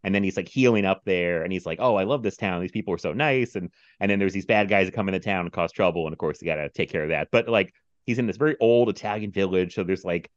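Animated man telling funny movie stories. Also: lowish voice, no echo, muffled recording. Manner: animated storyteller, mimics people, laughs often. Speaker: podcast host. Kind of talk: casual movie podcast chat.

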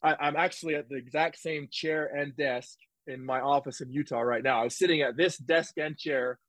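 A man telling a personal story in a casual interview, animated and rambling, with restarts and quoted dialogue. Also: a little high, moderate pace, dry recording, poor audio. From United States. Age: 20s. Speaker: guest, former football player. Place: home office.

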